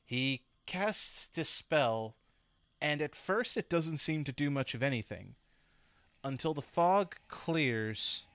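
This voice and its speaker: A man running a tabletop game as dungeon master, narrating scenes in a measured, playfully teasing way. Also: a little high, animated, a bit bright, smooth, no room sound.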